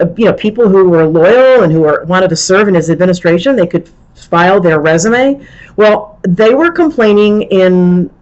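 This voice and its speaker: A woman's voice: mid-range voice, muffled recording. A middle-aged woman hosting a live political commentary stream, ranting in an exasperated, rambling way with frequent restarts. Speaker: show host.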